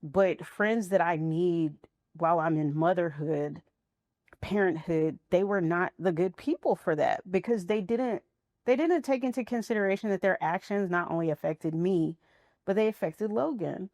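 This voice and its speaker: Low, gravelly-voiced woman speaking frankly. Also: normal speed, a little mellow, no echo. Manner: frank, reflective storytelling. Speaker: interview guest, mother. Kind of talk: candid conversational interview.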